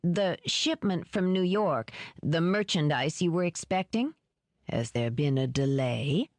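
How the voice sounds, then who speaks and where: A woman voicing a vain, cruel older male villain with a smooth, genteel voice that turns icy. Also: deep voice, expressive, no echo, studio quality. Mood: silky menace. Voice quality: smooth, warm then icy. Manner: slow, menacing, genteel.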